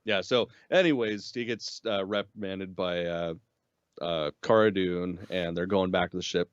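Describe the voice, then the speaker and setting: A man co-hosting a casual review show, talking in an animated way, swearing freely and acting out lines from scenes. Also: sits low, unhurried, smooth, dry recording, muffled recording. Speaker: podcast co-host.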